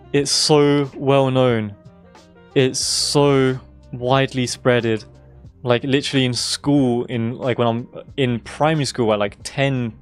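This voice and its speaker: A young man streaming a game, talking in an emphatic, repetitive way with swearing, his voice going hoarse. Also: medium pitch. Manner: emphatic, swearing, repeating himself for stress. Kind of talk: casual live-stream rant.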